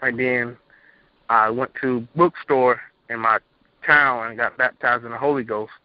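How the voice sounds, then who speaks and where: A man's voice: medium pitch, steady tone, measured pace, dry recording. A young man calling in to a show, earnestly telling his story in a plain, rambling way over a phone line. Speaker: caller. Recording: muffled phone-line audio.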